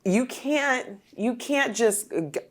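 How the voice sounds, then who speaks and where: A woman hosting a podcast interview, talking in an animated, emphatic way and laughing often. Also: on the high side, takes it slowly. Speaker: podcast host. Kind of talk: casual conversational interview.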